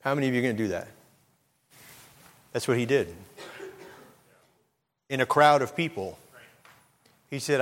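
A middle-aged male pastor preaching a sermon, swinging from low, earnest talk up to loud, impassioned outbursts. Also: lively intonation, normal speed, long pauses. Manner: preacherly, rises to loud impassioned shouts when quoting.

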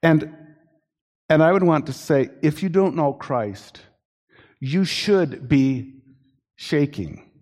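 A man's voice: a little high, animated, slow, pauses often, darkish tone. Earnest male preacher in a big hall. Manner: earnest, warning, with frequent restarts. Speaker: pastor. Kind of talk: sermon. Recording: long hall reverb.

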